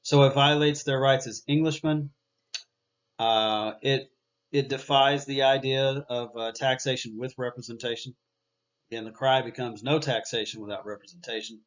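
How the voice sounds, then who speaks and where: A male history teacher lectures in an easygoing, conversational way, and his voice sits at an ordinary middle pitch. He often stops on filler sounds and restarts his sentences. The recording is slightly dull and lo-fi. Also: fairly even intonation, moderate pace.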